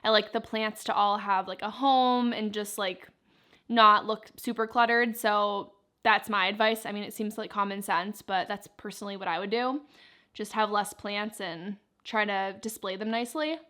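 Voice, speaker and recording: A woman's voice: mid-range voice, steady tone, normal speed, pushed and bright. A young woman vlogger chatting casually, answering viewer questions while she eats. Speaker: plant vlogger.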